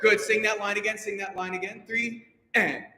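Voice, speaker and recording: A man's voice: sits high, flat delivery, fast, over loud music. A male choir director leading a rehearsal, upbeat and encouraging as he counts the singers in. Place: rehearsal hall. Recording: echoey hall with long reverb.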